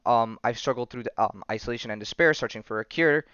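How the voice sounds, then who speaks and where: A man's voice: mid-range voice, fairly bright tone, clean tone, dry recording, dull audio, lightly acted. A man doing a tormented vampire scientist. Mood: pleading. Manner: earnest, halting dramatic read-through. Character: brooding male vampire scientist, lovesick and tormented.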